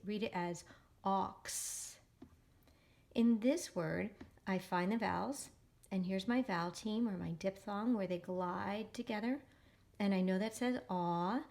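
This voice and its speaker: A woman teacher giving a phonics lesson to young children, slowly and carefully sounding out words. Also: mid-range voice, darkish tone. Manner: slow, careful modeling of sounds.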